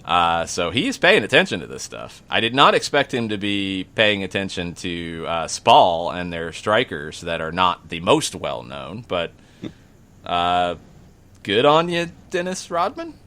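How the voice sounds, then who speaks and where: A man's voice: sits low, sing-song, unhurried, few pauses, bright, forceful tone. A man hosting a sports podcast, talking things through in a questioning, analytical way. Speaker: podcast host. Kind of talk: casual sports talk.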